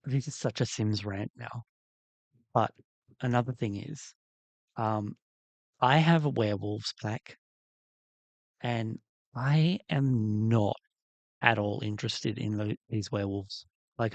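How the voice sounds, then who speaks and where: A man's voice: medium pitch, no room sound, highs cut off. A man hosting a livestream, chatting casually in a rambling, candid way while he works on a doll. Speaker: livestream host.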